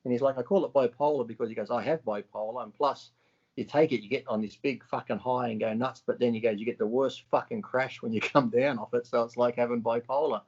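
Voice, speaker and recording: A gravelly, husky-voiced man chats on a podcast. He swears freely and acts out what people said to him, bluntly and with animation. The audio is dull and lo-fi. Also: medium pitch, quick pace. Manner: blunt, profane, animated retelling. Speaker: podcast co-host. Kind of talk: casual chat.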